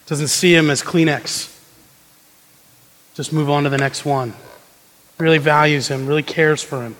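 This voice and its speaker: A man's voice: fairly high pitch, fairly even intonation, measured pace, fairly bright tone, big-room sound, poor audio. A man preaching a sermon in a conversational way, acting out quoted prayers and tossing asides to the congregation. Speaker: pastor.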